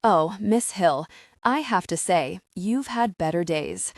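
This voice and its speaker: A woman's voice: on the low side, animated, takes it slowly, dry recording, clean studio sound. A woman voicing a smug, scheming woman. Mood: mocking. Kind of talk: audiobook narration.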